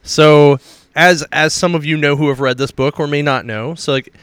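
Easygoing man with a smooth, dry voice. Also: a little high, steady tone, moderate pace, fairly bright tone, dry recording. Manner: loose, hedging, jokey, trails off mid-sentence. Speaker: podcast co-host reviewing comics. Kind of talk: casual chat.

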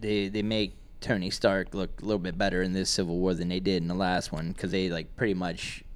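Male co-host, lowish voice, chatty interjections. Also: little pitch movement, a little fast, clean tone. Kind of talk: casual chat.

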